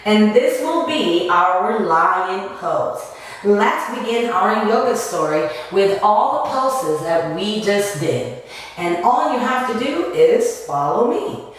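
A woman teaching a children's yoga and movement lesson, telling an animal story in a slow, singsong way. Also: medium pitch, big pitch swings. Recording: echoey room from a distance.

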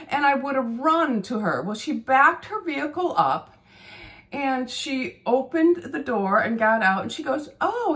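A woman's voice: on the high side, a bit bright. A woman in her fifties, a beauty channel host, chatting casually and rambling through a story. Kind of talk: casual chat.

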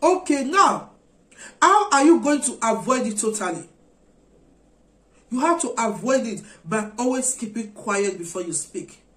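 Earnest high-voiced woman preaching. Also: sing-song, unhurried, long pauses, fairly bright tone. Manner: earnest, repetitive exhortation. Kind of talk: sermon. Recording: echoey room.

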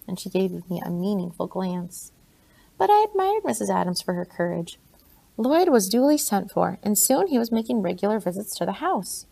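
A woman reading a novel aloud in steady first-person narration. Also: medium pitch, moderate pace, vocal fry. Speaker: audiobook reader.

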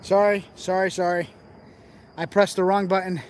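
A man's voice: sits high, level tone, normal speed. Chatty, joking male vlogger outdoors. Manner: joking, chatty, talks straight to viewers. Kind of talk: casual vlog commentary while exploring. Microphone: handheld phone camera.

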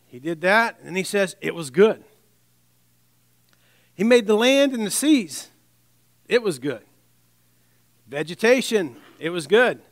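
High-voiced man preaching a sermon. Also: animated, measured pace, pauses often, no room sound. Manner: conversational, with restarts and wry asides; drops to a soft, low voice on scripture.

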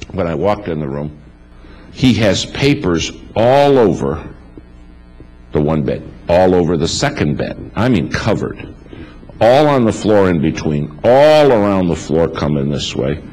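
A man's voice: sits low, a little mellow, poor audio. A man preaching a sermon in a church, telling stories with emphatic repetition. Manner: emphatic, builds lists with repetition. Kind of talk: storytelling sermon.

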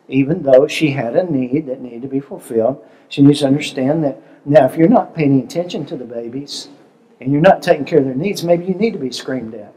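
A man's voice: mid-range voice, mellow, low-quality recording. An older man speaking as a seminar presenter, telling stories in a conversational way and asking the audience questions. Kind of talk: relationship seminar talk.

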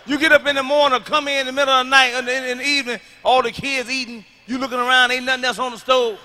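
A man doing a stand-up comedy routine, loud and emphatic, hammering his punchlines over and over with a delivery. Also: extremely high pitch, level tone, fast talker.

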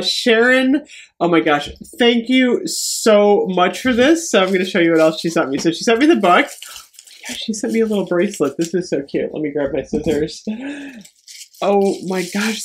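A middle-aged American woman chats her way through a mail unboxing, gushing over each item. She sounds excitable and warm-hearted, with little laughs running through her talk. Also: mid-range voice, slight background noise. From United States. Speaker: beauty vlogger. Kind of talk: casual unboxing chat.

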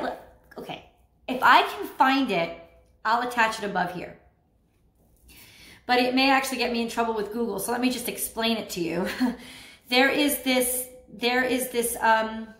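A woman with a high voice talks through a tarot reading in a loose, chatty way. She is animated and laughs often. The sound has a roomy echo. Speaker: tarot reader. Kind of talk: casual spoken tarot reading.

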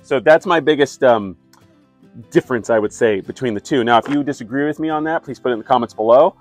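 A man's voice: medium pitch, quick pace, dry recording. Regular guy rambling to camera, lots of ums, dry close mic, faint guitar in the back. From California. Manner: conversational, many fillers, wry asides. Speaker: wastewater operator and YouTube host. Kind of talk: casual talk to camera.

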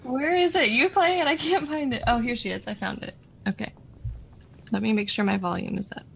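Husky, somewhat high-voiced female co-host, giggly and self-deprecating. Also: fairly quick, fairly bright tone. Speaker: podcast co-host. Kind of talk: casual chat.

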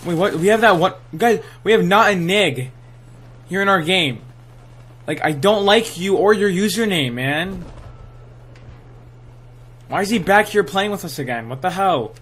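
A young man giving excitable, trash-talking live commentary over his own gameplay, full of gamer slang. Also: high voice, unhurried, pauses often, slightly rough. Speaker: gaming channel host.

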